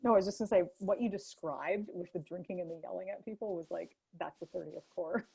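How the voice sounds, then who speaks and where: A woman co-hosting a casual live stream, teasing her partner with quick, short remarks. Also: lowish voice, creaky, darkish tone, husky, no echo, poor audio. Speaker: podcast co-host.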